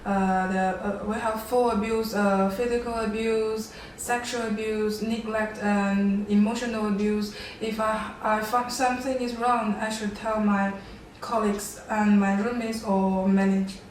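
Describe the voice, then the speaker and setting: Hesitant woman trainee, flat voice. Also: medium pitch, unhurried, a little hiss or hum. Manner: hesitant, many fillers. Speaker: nursery staff trainee. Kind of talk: answering a quiz question. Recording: echoey room from far off.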